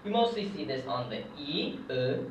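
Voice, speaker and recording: A man's voice: a little high, very animated, moderate pace, a little hiss or hum. A young man giving a casual whiteboard lesson as a hobbyist French teacher, hesitant with many ums. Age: young adult. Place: room, writing at a board. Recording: echoey, distant, dull lo-fi camera audio.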